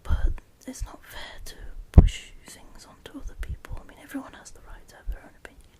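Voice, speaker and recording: A woman, whispering a discussion vlog close to the microphone at home late at night, rambling with frequent restarts. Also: a little fast. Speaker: YouTuber.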